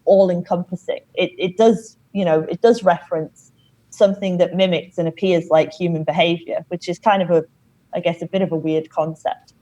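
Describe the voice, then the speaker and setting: A woman guest on a podcast, explaining things in a measured way with many "you know"s. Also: on the low side, steady tone, mellow, highs cut off. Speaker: company founder, podcast guest. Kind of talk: casual interview talk.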